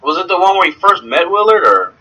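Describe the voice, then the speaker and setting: A man's voice: high voice, very animated, fast, bright, forceful tone, husky, soft background music, poor audio. A man co-hosting a podcast in casual chat, brash and profane, laughing often. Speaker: podcast co-host.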